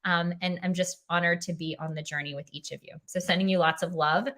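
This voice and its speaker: A woman's voice: fairly low pitch, fairly even intonation, fairly quick, a bit bright. A young woman filling in as a livestream host, tired and emotional, heartfelt, saying "um" often and reading viewer comments aloud. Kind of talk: casual livestream chat.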